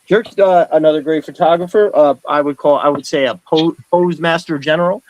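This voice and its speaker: A man's voice: on the high side, fairly quick, a little mellow, no echo, highs cut off. A middle-aged man hosting a live stream in casual, rambling chat. He reads out viewer comments and greets each viewer as brother. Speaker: host of a live stream show.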